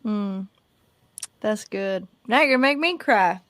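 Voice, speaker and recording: A woman's voice: mid-range voice, animated, unhurried, fairly bright tone, no echo. A woman hosts a podcast in a dry, close recording, affirming her guest and asking thoughtful questions. Her tone is encouraging and conversational. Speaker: podcast host. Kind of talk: casual interview chat.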